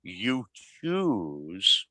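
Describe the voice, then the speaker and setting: A man's voice: on the low side, wildly swooping pitch, drawn-out words, bright, forceful tone, dry recording, low-quality recording. A man on a livestream panel, lecturing and scolding emphatically in a heated debate. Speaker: panel guest.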